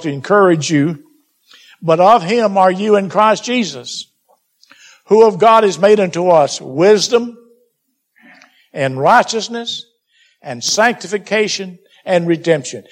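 A man with a high-pitched voice preaching a sermon. He exhorts his congregation and keeps calling them beloved. He reads scripture aloud in old King James wording. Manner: exhorting, addresses listeners as beloved.

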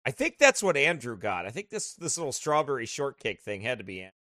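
A man from the United States, a pastor telling stories in casual chat before leading a Bible study, animated and laughing as he talks. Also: mid-range voice, fairly quick, dry recording, studio quality.

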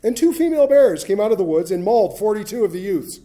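A man's voice: high voice, very animated, fast talker, warm tone. A middle-aged man preaching a sermon, telling a Bible story with humor and acting out voices. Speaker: pastor.

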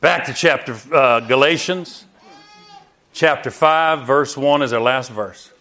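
A man's voice: mid-range voice, measured pace, pushed and bright. A man preaching a sermon as pastor, exuberant, with frequent hallelujahs and calls to the congregation.

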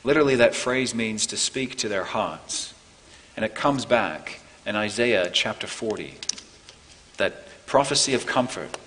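A man preaching a sermon as pastor, earnest, building to emphatic peaks and then softening. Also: fairly low pitch, animated, unhurried, in a large hall, a little hiss or hum, poor audio. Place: church.

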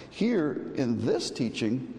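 A man's voice: mid-range voice, sing-song, very slow, warm tone. A man preaching an expository sermon, restarting phrases often and building to emphatic declarations. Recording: long reverb in a hall, faint ambient noise.

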